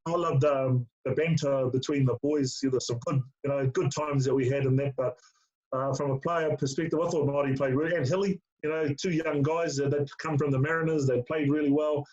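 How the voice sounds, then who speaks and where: A man's voice: a little high, steady tone, a little fast, a little mellow. A middle-aged man, a former player as interview guest, telling stories in casual chat, full of fillers and calling the host mate. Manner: storytelling with lots of fillers, calls the host mate. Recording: lo-fi dull sound.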